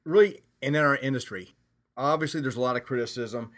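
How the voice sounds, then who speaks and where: A man in a mid-range pitch conducts an interview. He asks measured questions and offers short affirmations. The recording has a radio-like sound. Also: fairly bright tone.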